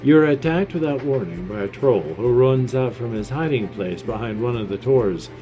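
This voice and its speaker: A man's voice: medium pitch, animated, moderate pace, warm tone, faint music behind. A man in his fifties giving gameplay commentary, sarcastic and self-deprecating, rambling between bits of read-out game text. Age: 50s. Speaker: gamer.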